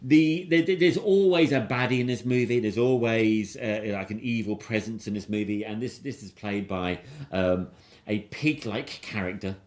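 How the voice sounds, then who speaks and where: In an echoey room, a man with a fairly low, darkish voice hosts a film review podcast. He rambles with enthusiasm in casual chat, frequently restarting his sentences.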